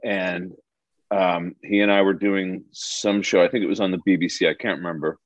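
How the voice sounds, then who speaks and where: Deep-voiced man on a dull call line. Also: steady tone, normal speed, no echo. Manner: rambling, searching for words. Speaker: actor, guest. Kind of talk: casual chat. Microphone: video call.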